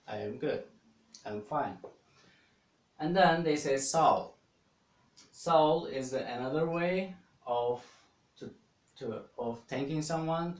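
A man's voice: medium pitch, darkish tone, far from the mic. A man with a Turkish accent teaching phrases of his language, explaining patiently with many fillers and restarts. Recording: echoey room, set back from the mic.

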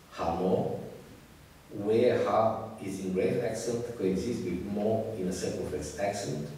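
A man giving an academic lecture, speaking haltingly with many fillers and restarts. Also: fairly low pitch, a little mellow. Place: lecture room. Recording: distant echoey hall recording with hiss.

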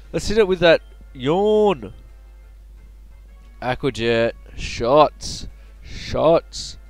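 A man's voice: fairly high pitch, sing-song, extremely slow, pauses often, dry recording, faint music behind. A man giving casual, joking let's play commentary, chatty and muttering to himself.

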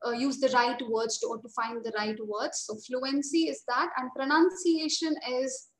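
A woman's voice: sits high, steady tone, moderate pace, roomy sound, poor audio. A woman with an Indian English accent, teaching a test-prep webinar and explaining informally, with fillers and asides to her listeners. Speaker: study abroad test-prep instructor. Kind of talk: online webinar lesson.

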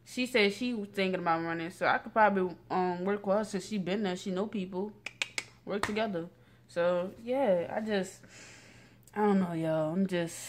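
A woman's voice: mid-range voice, fairly bright tone. A teenage girl talks straight into her phone camera in a loose, rambling rant. Her talk is full of slang, restarts and fillers, sitting at home late at night. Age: late teens. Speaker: vlogger.

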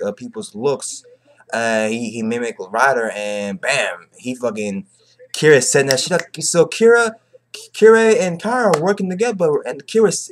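A young man giving an excited, slangy, profanity-laced casual recap of an anime episode, often repeating himself. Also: medium pitch. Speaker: anime reaction vlogger.

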